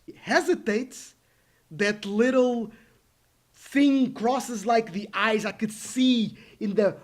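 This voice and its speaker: A man telling a rant story to his viewers, acting out the people he quotes. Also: sits high. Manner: animated, acts out the people he quotes. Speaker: vlogger.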